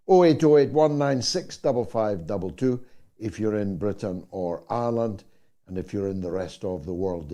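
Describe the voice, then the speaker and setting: A man hosting a talk show, speaking deliberately and sardonically with drawn-out pauses. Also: on the low side, dark tone.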